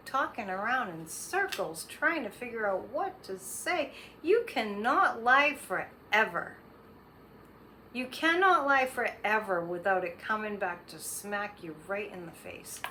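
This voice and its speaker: Bright-voiced woman giving psychic readings. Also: on the high side, a little hiss or hum. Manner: rambling, with frequent fillers and restarts. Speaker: psychic host.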